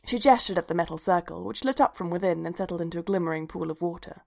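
Woman reading a story with a gravelly low voice. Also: quick pace, few pauses. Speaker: reader. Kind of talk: fan fiction reading.

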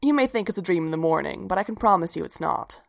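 A woman doing a calm, quietly firm woman leader. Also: lowish voice, fast talker, gravelly. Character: calm, composed woman leader, gently mysterious.

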